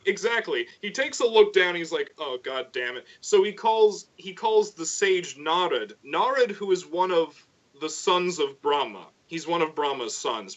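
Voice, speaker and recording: A man on a casual podcast stream, retelling a myth in lively detail and briefly voicing the characters as he goes. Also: fairly high pitch. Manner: animated storyteller, voices characters in passing. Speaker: co-host. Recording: dull lo-fi sound.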